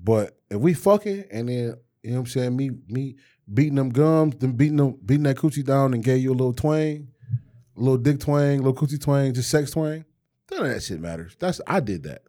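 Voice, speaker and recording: A man's voice: mid-range voice, lively intonation, brisk, dark tone. A man co-hosting a podcast, trading crude, boastful banter full of slang in casual chat. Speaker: podcast co-host.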